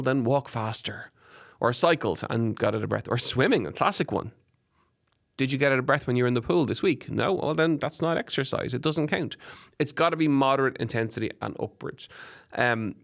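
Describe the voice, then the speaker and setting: Gravelly Irish fitness coach. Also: male voice, mid-range voice. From Ireland. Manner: energetic, encouraging, lists examples in quick runs. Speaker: podcast host and fitness coach. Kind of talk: solo podcast advice talk. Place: podcast studio.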